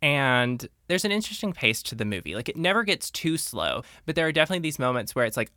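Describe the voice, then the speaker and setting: A co-host in a casual movie-recap chat, relaxed and quick to agree while retelling scenes. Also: mid-range voice, no room sound, studio quality.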